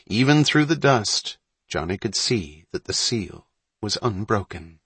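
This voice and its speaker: A man narrating a story in a measured, suspenseful reading. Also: on the low side, lively intonation, a bit bright, husky, no echo. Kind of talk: audiobook narration.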